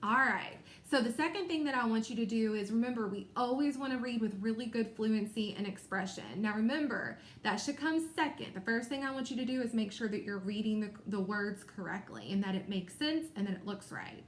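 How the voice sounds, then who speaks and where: A woman's voice: a little high, a little fast, few pauses, a little hiss or hum. Encouraging woman teacher in an echoey room. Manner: encouraging, clear classroom explanations. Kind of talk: recorded small-group reading lesson.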